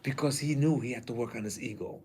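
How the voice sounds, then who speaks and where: A man's voice: medium pitch, fast, a crowd in the background. A man teaching a class in a casual way, reading a passage aloud and then commenting, often acting out quoted lines.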